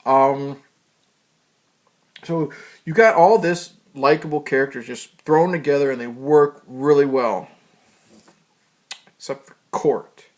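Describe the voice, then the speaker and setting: A man giving a casual, rambling movie review, swearing freely and filling pauses with ums. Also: medium pitch. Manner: loose, profane, rambling with fillers.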